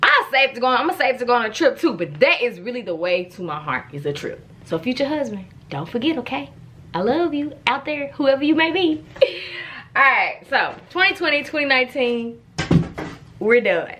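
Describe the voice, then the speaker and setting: A young woman talks straight to her viewers in a casual vlog. Her voice sits a bit high and swings widely in pitch. She tells her stories in a playful, animated way. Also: normal speed, a little hiss or hum. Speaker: vlogger.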